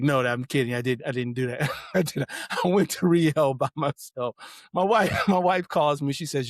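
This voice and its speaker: A middle-aged man, a guest author, telling family stories in an animated way, acting out quotes and laughing often. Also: a little high, moderate pace, no echo, studio quality. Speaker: guest, author and parenting advocate. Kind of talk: casual interview storytelling.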